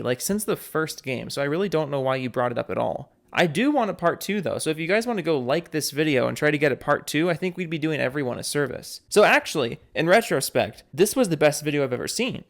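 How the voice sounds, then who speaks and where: A man's voice: on the high side, creaky. A man hosting a reaction video, talking in an exasperated, sarcastic, incredulous way.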